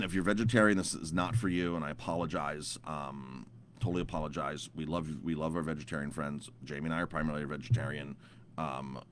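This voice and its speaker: A man's voice: low-pitched, slight background noise. A man in his thirties, a chef, telling a story to camera in a casual, rambling way with lots of repeated words and fillers.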